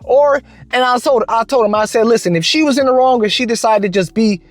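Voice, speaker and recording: A man vlogger telling a work story in a casual, slangy, animated way, with lots of restarts. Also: extremely high pitch, brisk, no room sound.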